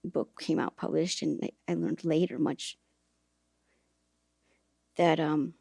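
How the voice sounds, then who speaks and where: A woman's voice: low-pitched, flat delivery, slow, vocal fry, a little mellow, no echo, studio quality. A woman hosting a podcast, telling a personal story in a reflective, earnest way, with hesitations and restarts. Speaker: podcast host and author.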